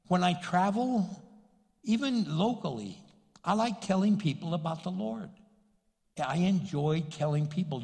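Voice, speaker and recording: A lively man with a New Mexican accent preaches a sermon to his church, joking and acting out voices. His pitch swings widely from phrase to phrase. His voice rings with a long hall reverb. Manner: animated, joking, acts out voices. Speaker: pastor. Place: church sanctuary.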